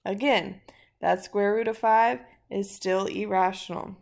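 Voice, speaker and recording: A woman's voice: mid-range voice, fairly even intonation, measured pace, gravelly, darkish tone. A woman teaching a math lesson in a casual way, thinking aloud through examples in an upbeat, chatty manner.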